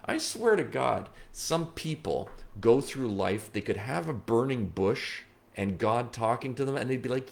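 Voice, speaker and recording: A man hosting a late-night livestream as a psychic medium, reading viewer comments at his computer, moving between soft, slow reflection and excited chatter. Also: mid-range voice, creaky. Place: indoors at a computer.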